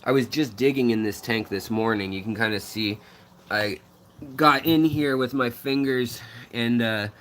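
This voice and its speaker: A man hosting a casual home vlog, showing his aquariums indoors, talking in a relaxed, rambling way with lots of fillers and restarts, keen on his fish. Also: medium pitch, unhurried, slight background noise. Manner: enthusiastic about the fish. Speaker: fishkeeping channel host. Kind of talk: casual vlog tank tour.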